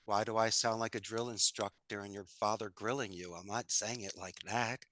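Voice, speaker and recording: An upbeat man chatting as a podcast guest, his voice bright and forward. He leans on folksy sayings and easy humor. The sound is dry and close, with no room around it. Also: fairly low pitch, steady tone, moderate pace, hardly any pauses, no room sound. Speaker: podcast guest, call center owner. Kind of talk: conversational interview.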